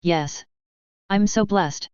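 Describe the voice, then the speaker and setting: A woman's voice: mid-range voice, slow pace, a little mellow, clear, resonant tone, no room sound, close to an everyday voice. A woman voicing a cheerful, eager little male snake-like alien who lisps and warbles, in a dull lo-fi recording. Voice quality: lisping. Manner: warbling, bursting with enthusiasm.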